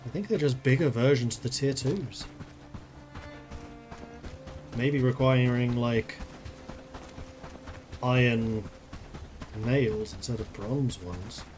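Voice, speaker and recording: A man of middle pitch talks his way through a game stream, musing aloud as he goes and drifting into playful wordplay. Faint game music runs underneath him. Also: slow pace, long pauses, darkish tone. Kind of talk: casual live-stream gameplay commentary.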